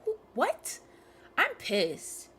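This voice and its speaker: A woman's voice: sits high, wildly swooping pitch, very slow, bright, forceful tone, slight background noise. Profane ranting young woman streamer. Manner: angry, profane, ranting at characters. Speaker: streamer playing a game. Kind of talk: live gameplay commentary.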